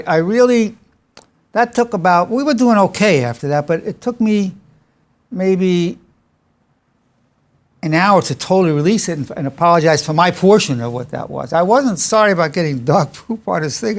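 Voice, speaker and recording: His voice sits high and sounds gravelly yet expressive, moving at a moderate pace. The older psychologist lectures informally, trading in personal anecdotes with a chatty, self-amused air.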